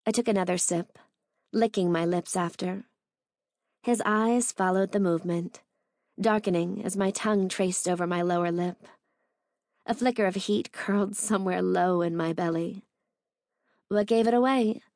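A woman narrating a first-person romance audiobook in a measured, intimate way. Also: lowish voice, fairly even intonation, darkish tone, no room sound, studio quality.

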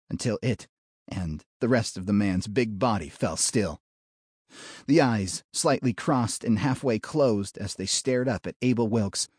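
A man narrates a western audiobook at a slow, deliberate pace. His voice is husky and moves widely in pitch. The sound is close and dry. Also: a little mellow, no room sound.

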